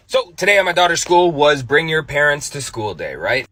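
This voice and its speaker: A man, a parent, telling a casual story in a lively, self-mocking way. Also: fairly high pitch, moderate pace, soft background music.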